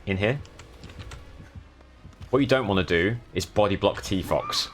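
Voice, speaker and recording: A man's voice: on the low side, animated, a little slow. A young man from the south of England with a southern English accent, commentating on his live gameplay and thanking viewers as they follow. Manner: chatty, thanking viewers while playing. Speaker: streamer.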